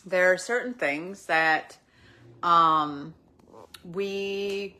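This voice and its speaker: A middle-aged woman giving a gentle, reflective spiritual talk with soft laughs now and then. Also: on the low side, steady tone, very slow. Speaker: spiritual teacher. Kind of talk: spiritual talk, live stream.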